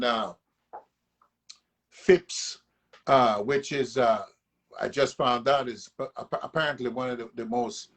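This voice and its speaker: Husky man speaking emphatically. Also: medium pitch. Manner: emphatic, rallying, checks in with listener. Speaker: union local president, guest. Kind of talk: casual conversation.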